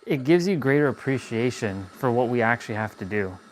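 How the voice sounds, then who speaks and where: A man's voice: medium pitch, animated, fairly quick, faint music behind, low-quality recording. A man reacting live to a documentary with blunt, swearing exclamations. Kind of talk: casual reaction commentary.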